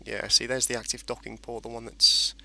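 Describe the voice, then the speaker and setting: A man's voice: medium pitch, little pitch movement, fairly quick, vocal fry, bright, forceful tone. A man casually commentating a space game as he plays, rambling and explaining each step. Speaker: gameplay commentator. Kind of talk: casual let's-play commentary.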